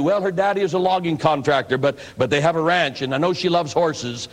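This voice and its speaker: An older man from Idaho, an evangelist preacher, telling his life story in a sermon with folksy, animated delivery and acted-out quotes. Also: on the high side, a little fast. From Idaho, USA.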